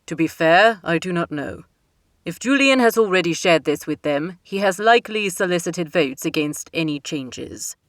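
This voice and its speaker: A grave, worried older king, as a woman narrator puts him on speaks in slow, heavy, solemn tones. The storybook reading stays close and dry. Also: fairly low pitch, lively intonation, no echo, natural voice.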